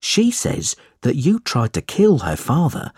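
A man's voice: fairly high pitch, huge pitch swings, a little slow, background noise, voice pushed up. A man voicing an older clerk giving a careful warning, in a storybook reading. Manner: earnest warning.

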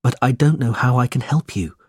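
A man voicing an earnest, kind young man who speaks gently, in a storybook reading. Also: medium pitch, a little fast, husky, dry recording, clean studio sound, close to an everyday voice.

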